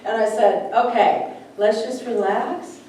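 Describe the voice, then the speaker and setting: A woman's voice: on the high side, fairly even intonation, measured pace, dark tone. Woman minister preaching in an echoey hall. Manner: chatty, anecdotal, acts out voices in stories. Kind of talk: conversational sermon with stories. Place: church sanctuary. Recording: echoey room, distant mic, faint background noise.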